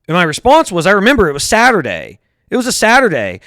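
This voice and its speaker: A man's voice: high-pitched, huge pitch swings, fast talker, a bit bright, no room sound, studio quality. A man in his thirties hosting his own show, venting in a heated, profane monologue and often repeating himself. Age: 30s. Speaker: show host. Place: lives in Harris County, Texas.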